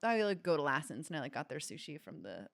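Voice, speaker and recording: Animated woman telling stories on a podcast. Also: sits low, quick pace, vocal fry, no room sound, clean studio sound. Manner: animated storyteller, acts out quotes. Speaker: podcast co-host. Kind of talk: casual chat.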